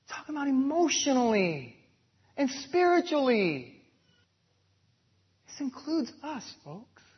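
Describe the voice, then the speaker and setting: A man preaching a sermon and leading a prayer, slow and emphatic, swelling loud and then dropping soft. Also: extremely high pitch, wildly swooping pitch, slightly rough, dull audio. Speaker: pastor.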